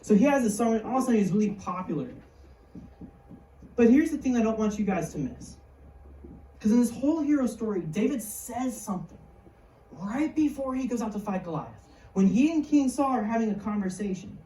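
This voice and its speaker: A woman's voice: a little high, lively intonation, fairly quick, warm tone. A woman giving a casual, joking sermon to young people in a church hall. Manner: jokey, chatty, slangy. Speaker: youth speaker. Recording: roomy hall, mic far off.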